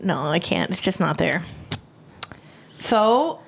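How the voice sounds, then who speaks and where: A woman's voice: fairly low pitch, animated, slow pace, creaky, slightly rough. A young woman co-hosting a podcast in casual chat, teasing her sister and laughing often. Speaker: podcast co-host.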